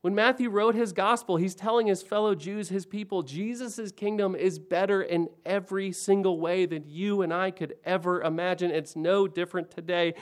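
Pastor, man in his forties, fairly high voice, preaches in repeated rising phrases. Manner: preaching with wide swings between soft and emphatic, repeating phrases. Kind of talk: sermon.

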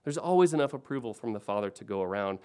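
A man in his forties preaching a sermon, swinging between hushed and emphatic lines and building on repeated phrases. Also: lowish voice, lively intonation, fast, clean tone. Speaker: pastor.

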